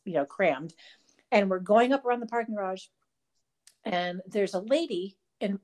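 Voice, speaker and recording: A woman co-hosting a podcast in casual chat, telling stories in an animated, profane way. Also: mid-range voice. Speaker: podcast co-host.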